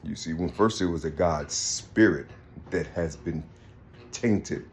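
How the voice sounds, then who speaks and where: A man's voice: deep voice, takes it slowly, darkish tone, slight background noise. A man giving a rambling spiritual monologue, repeating himself often. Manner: rambling, repeats "you see" constantly.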